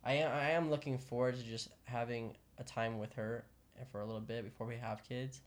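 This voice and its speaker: Young man, podcast guest, earnest, easygoing, halting. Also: mid-range voice, fairly even intonation. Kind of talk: casual chat.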